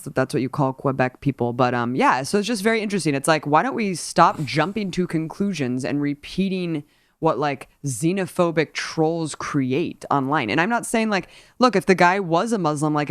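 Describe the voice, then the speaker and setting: Woman host, casual political chat, animated and rambling, dry close sound. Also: sits low, no echo. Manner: animated, rambling with many fillers.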